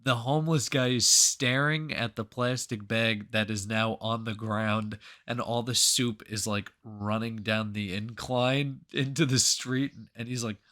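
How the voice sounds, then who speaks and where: A man, co-hosting a podcast and telling a story in a profane, animated way. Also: medium pitch, measured pace, few pauses. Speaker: podcast co-host. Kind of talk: casual storytelling.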